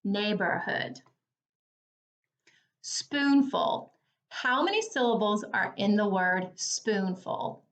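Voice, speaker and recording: A woman teacher leading a phonics lesson for young children, speaking slowly and clearly with an encouraging tone. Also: mid-range voice, a bit bright. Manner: slow, clear, encouraging, over-articulated.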